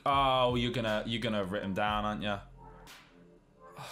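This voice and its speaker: A man's voice: fairly low pitch, steady tone, moderate pace, pauses often, bright, forceful tone, soft background music. A young man hosting a video game session, chatting casually with a friend and laughing often. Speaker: gaming YouTuber host. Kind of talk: casual gameplay banter with a friend.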